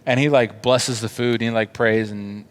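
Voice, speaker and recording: A man's voice: medium pitch, fairly even intonation, normal speed, smooth. Male children's teacher, casual storyteller, slangy delivery. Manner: chatty, slangy, acts out quotes. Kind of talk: casual Bible story telling for kids.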